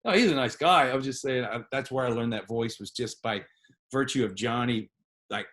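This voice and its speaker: A man's voice: mid-range voice, fairly quick. A man, a guest comedian telling stories in a casual podcast chat, swearing freely. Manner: animated storyteller, swears freely, puts on voices.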